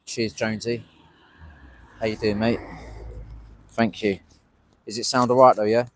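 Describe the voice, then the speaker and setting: A man's voice: lowish voice, level tone, unhurried, a little hiss or hum. A man rambling casually to his live-stream viewers from a street protest, speaking into a small wearable mic. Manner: rambling, chatty, talks to chat viewers. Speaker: livestreaming citizen journalist.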